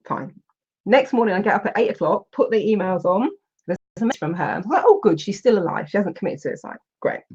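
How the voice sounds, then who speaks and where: A woman, a coach telling stories in an animated way, with exclamations and restarts. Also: mid-range voice, brisk, breathy edge, muffled recording. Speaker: coach and Huna teacher. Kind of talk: storytelling in a recorded online session.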